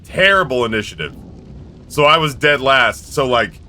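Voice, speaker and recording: A man's voice: medium pitch, very animated, sharp tone. A man streaming live, telling stories in a rambling, candid way. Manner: rambling, candid storytelling with quick impressions. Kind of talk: casual chat.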